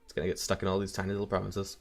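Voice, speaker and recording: Deep gravelly man narrating gameplay. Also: monotone, very fast, faint music behind. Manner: thinking aloud, wry asides. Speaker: let's play host. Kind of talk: casual strategy-game commentary.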